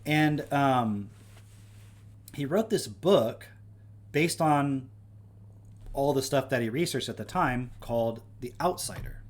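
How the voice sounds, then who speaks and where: A man's voice: medium pitch, lively intonation, slow, pauses often. A young man hosting a livestream, talking in a casual, rambling way with lots of fillers and self-corrections. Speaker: livestream host.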